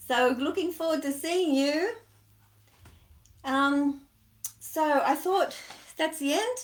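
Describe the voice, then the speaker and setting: A woman leads a children's storytime, her voice sitting a little high as she coaxes the kids to join in. Her delivery is sing-song and encouraging, and the recording picks up a roomy echo around her. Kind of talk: talking to young children online.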